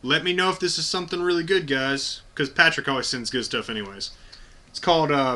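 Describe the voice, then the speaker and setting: A man's voice: mid-range voice, fast talker, bright, forceful tone. A man hosting a casual unboxing video, talking bluntly and enthusiastically with plenty of swearing. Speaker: video host.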